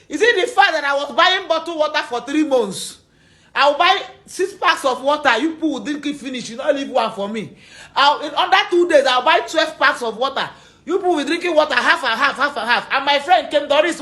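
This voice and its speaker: A woman's voice: high-pitched, a bit bright. A woman with a Nigerian Pidgin accent giving an accusatory, repetitive rant, mixing Pidgin and English. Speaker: actress addressing a former friend. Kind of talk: confrontational video rant.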